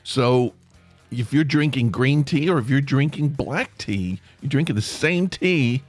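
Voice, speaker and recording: A man's voice: medium pitch, lively intonation, unhurried, dry recording, faint music behind. A man hosting a podcast, rambling on in a chatty way with playful asides. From United States. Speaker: podcast host. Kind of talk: casual solo podcast monologue.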